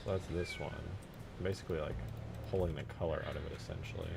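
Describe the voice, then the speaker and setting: A man's voice: deep voice, fast, vocal fry, background noise. A man chatting casually on a livestream while he works on a game mod, talking to viewers in an easygoing way. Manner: chatty, animated, talks to viewers and his cat. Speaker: streamer.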